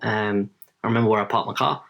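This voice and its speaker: A man's voice: fairly low pitch, fairly even intonation, quick pace, vocal fry, muffled recording. A man in his late thirties, a podcast guest telling a story casually, often tagging his sentences with "right?". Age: late 30s. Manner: chatty, tags sentences with "right?".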